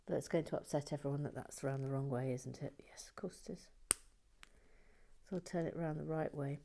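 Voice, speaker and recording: A woman hosting a brick-building livestream in whispered chat. She shifts from soft whispers to playful, excited asides. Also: low-pitched, brisk, vocal fry.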